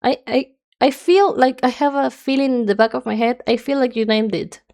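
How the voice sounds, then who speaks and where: A woman's voice: a little high, steady tone, moderate pace, vocal fry, a little mellow. A young woman streamer chatting casually and rambling nonstop while she draws, her nose stuffy. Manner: rambling, chatty, self-described yapping.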